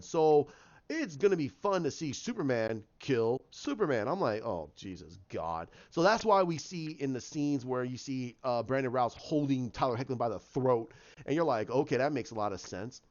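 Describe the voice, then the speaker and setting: A man with a slightly high voice rants through a casual show review. He is animated, swears and acts out the characters' lines as he goes. The recording sounds dull and lo-fi.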